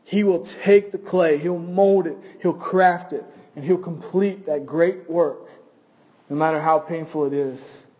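A male pastor with a notably high voice delivers an earnest sermon in a church service. He often repeats a word as he begins a phrase, then carries on. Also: unhurried, darkish tone. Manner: earnest, repeats words when starting phrases.

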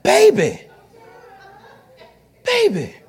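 A man voicing a gentle, coaxing husband who clumsily tries to comfort his wife. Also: extremely high pitch, wildly swooping pitch, very slow, gravelly, voice pushed up, heavily acted. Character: clumsy doting husband, man, well-meaning.

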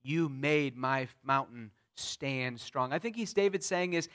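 A man preaching a sermon, retelling scripture in the first person, swelling loud on key phrases and dropping soft after. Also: medium pitch, lively intonation, measured pace, hardly any pauses. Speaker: pastor.

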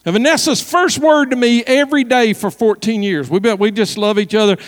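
A male pastor telling a story in a sermon, lively and animated, sometimes dropping to a soft, hushed voice. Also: extremely high pitch, normal speed. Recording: long hall reverb.

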